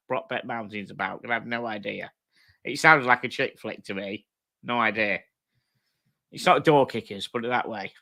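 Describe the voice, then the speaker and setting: A man's voice: medium pitch, pushed and bright. A man hosting a casual live stream, reading comments aloud and trading sweary banter with viewers. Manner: sweary, blokey banter, laughs often. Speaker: livestream host. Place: at home with dogs.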